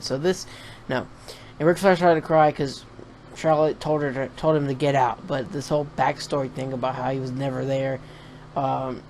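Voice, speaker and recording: A man's voice: on the high side, slight background noise. A man talking casually in a reaction vlog, reviewing a wrestling show in a profane, rambling, opinionated rant.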